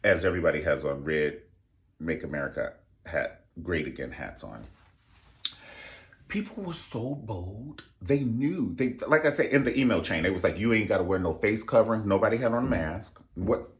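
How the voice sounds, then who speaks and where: A young man vlogging casual commentary in a sassy, expressive way, swearing freely. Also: low voice, moderate pace.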